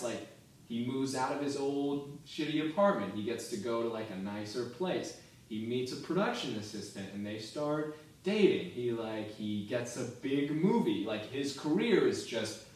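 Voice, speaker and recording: A man co-hosting a comedy podcast, pitching a sketch in loose storytelling and laughing often. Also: slight background noise. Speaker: podcast co-host. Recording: echoey room, mic far off.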